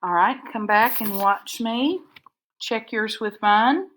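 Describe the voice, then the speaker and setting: A woman teacher, dictating spelling words and breaking them into syllables slowly and carefully for a recorded lesson. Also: on the high side, a bit bright, slight background noise. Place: recorded for an online video lesson.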